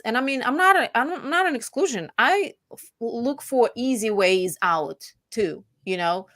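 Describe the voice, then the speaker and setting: A woman real estate agent chatting casually about home buying, animated and voicing her clients' lines. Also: medium pitch, dry recording, studio quality. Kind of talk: casual chat.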